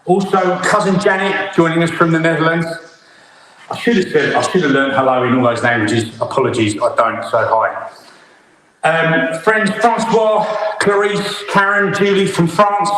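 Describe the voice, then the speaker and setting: A man's voice: on the high side, fairly even intonation, normal speed, a bit bright. Chatty male chef in an echoey kitchen. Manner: chatty, upbeat, talks while cooking. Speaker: chef hosting a cookalong. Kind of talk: live online cooking demonstration. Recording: very echoey room, faint noise.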